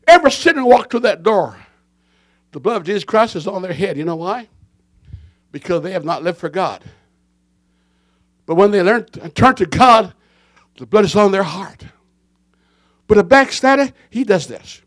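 A man preaching a fiery sermon, swinging between shouting and hushed tones and hammering home repeated phrases. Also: high voice, lively intonation, normal speed, long pauses.

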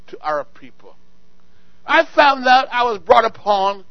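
A male pastor preaching to his church, swinging from quiet asides to shouted exhortations and repeating words for emphasis. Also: extremely high pitch, very animated, measured pace, no room sound, muffled recording. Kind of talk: sermon. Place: church sanctuary.

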